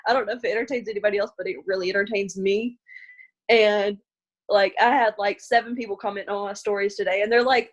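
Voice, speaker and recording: Speaking as a team member, this young Arkansas woman tells her own story in a Southern American accent, crying and laughing nervously by turns. She talks briskly at a medium pitch with fairly even intonation.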